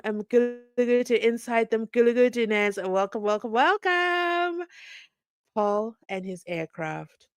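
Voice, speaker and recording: A woman's voice: on the high side, smooth, no echo. A woman hosting a live stream in casual chat, reacting animatedly to viewer comments. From South Africa.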